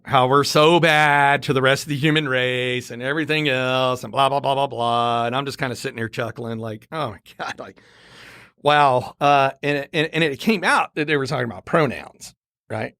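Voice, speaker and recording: Middle-aged American man, Marine veteran type, gravelly and slightly high-voiced, animated podcast storyteller, dry close sound. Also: dry recording. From United States. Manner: animated, repeats words while building up a story. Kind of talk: casual storytelling chat.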